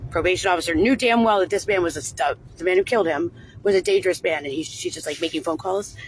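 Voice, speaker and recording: A woman's voice: fairly low pitch, quick pace, a little hiss or hum. A woman talking unscripted on a livestream, rambling and agitated, with frequent swearing. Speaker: livestream host.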